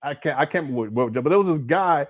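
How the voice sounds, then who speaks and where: A man's voice: fairly high pitch, lively intonation, racing, no room sound, muffled recording. A man hosting a livestream, giving blunt, critical commentary and answering viewer chats, often restarting his sentences. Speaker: host.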